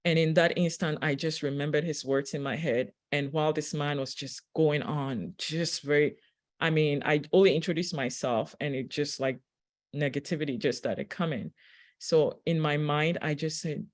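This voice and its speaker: Gentle, unhurried woman telling a story. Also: sits low, fairly even intonation. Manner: gentle, unhurried, with pauses and fillers. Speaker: spiritual teacher; registered nurse. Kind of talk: reflective spiritual talk with personal story.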